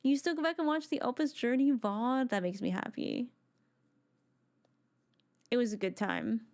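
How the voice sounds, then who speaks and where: A woman streamer chatting casually while she plays a video game, rambling with excitement and restarting her sentences often. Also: fairly high pitch, normal speed. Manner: excited, rambling fan talk with many restarts.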